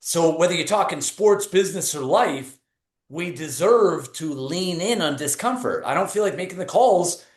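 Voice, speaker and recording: A man's voice: a little high, moderate pace, reverberant. A man in his thirties with a New England accent, a performance coach giving a motivational talk full of stories and casual fillers. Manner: energetic storytelling, casual fillers.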